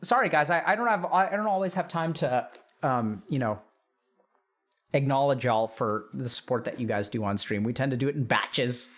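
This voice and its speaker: A man's voice: mid-range voice, expressive, moderate pace, fairly bright tone. A middle-aged man, a doctor, chatting casually on a live stream, thinking aloud and reading out chat with frequent restarts.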